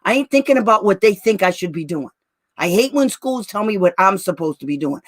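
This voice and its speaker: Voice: medium pitch, animated, fairly quick, fairly bright tone, no echo, studio quality. Blunt, brash special education advocate. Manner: blunt and brash, laughs often; calls listeners "girl" and "honey". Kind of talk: casual livestream talk to parents.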